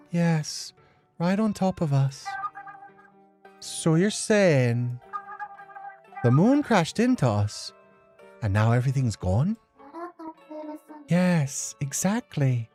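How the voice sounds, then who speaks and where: Lively low-voiced woman playing a game. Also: slow pace, long pauses, faint music behind. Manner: chatty, giggly asides. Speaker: streamer. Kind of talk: casual let's play commentary.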